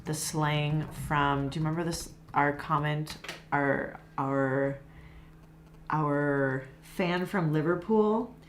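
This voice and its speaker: A woman's voice: low voice, slow, a little hiss or hum. A woman co-hosting an English lesson chat, explaining things casually with lots of fillers. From Los Angeles, USA. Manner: chatty, explains with many fillers. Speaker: English teacher and co-host.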